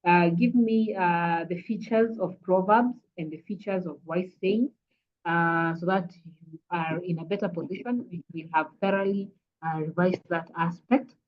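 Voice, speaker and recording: A woman with a Kenyan accent teaching an online English revision lesson, patient and repetitive, often saying "kindly" and pausing with "uh". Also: lowish voice, muffled recording. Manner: patient, repeats "kindly", frequent "uh" fillers.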